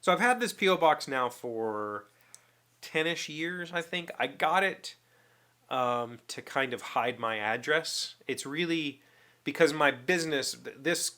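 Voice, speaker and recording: A man's voice: fairly high pitch, expressive, measured pace, sharp tone. A middle-aged man hosting his own show, chatting casually to camera and telling a story, acting out both sides of a phone call. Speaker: vlog host.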